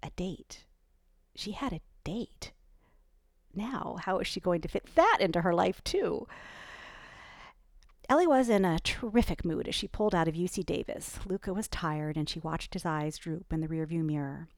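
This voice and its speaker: Low, gravelly woman narrating a novel. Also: lively intonation, moderate pace, no echo. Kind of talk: reading her own novel aloud.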